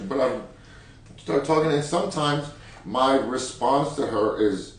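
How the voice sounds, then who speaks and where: A man co-hosting a candid couple's chat, relaxed and slangy, laughing easily. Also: medium pitch, measured pace. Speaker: podcast co-host. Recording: very echoey room, distant mic, faint noise.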